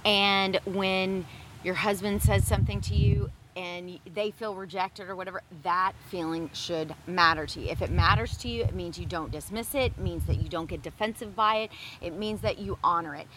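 A woman's voice: on the low side, fairly even intonation, normal speed, background noise. A woman co-hosting a casual chat about marriage, speaking earnestly with emphasis. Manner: earnest, emphatic, many affirming sounds. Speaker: co-host of a marriage advice show.

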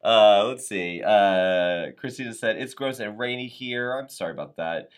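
A man's voice: fairly low pitch, moderate pace, clean tone. A man hosting a live show, reading viewer comments in an upbeat, playful way and sometimes tripping over words. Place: Atlanta area.

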